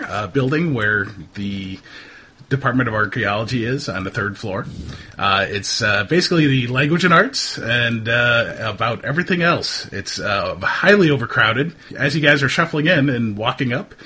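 A man narrating as game master of a tabletop horror game in a relaxed, hesitant way with many fillers. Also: medium pitch, moderate pace, breathy edge.

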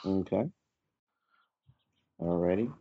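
A man running a tabletop game as game master, narrating in a relaxed, halting way. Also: low-pitched. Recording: muffled lo-fi audio.

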